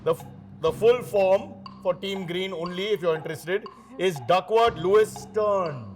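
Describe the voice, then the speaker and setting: A man's voice: sits high, unhurried, faint music behind. A man hosting a quiz show, teasing the teams with joking asides between questions. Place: TV studio.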